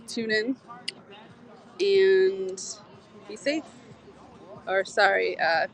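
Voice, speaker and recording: A woman talks to her viewers in an unhurried, drawn-out way while she walks outdoors through the city at night. She rambles and laughs easily, in a middle-pitched voice. The phone is held right up close to her mouth. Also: background noise. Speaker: livestreamer. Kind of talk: casual live street stream. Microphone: phone held close to the face.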